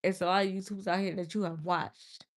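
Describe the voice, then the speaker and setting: A woman's voice: fairly low pitch, level tone, fast talker. A young woman livestreaming, casually and exasperatedly scolding a viewer in the chat. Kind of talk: casual live-stream talk to chat.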